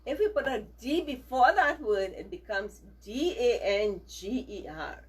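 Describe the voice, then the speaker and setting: A woman teacher giving a slow, emphatic values lesson to children, often checking in with them and having them repeat phrases after her. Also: a little high, sing-song, slightly rough. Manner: frequent checking "right?".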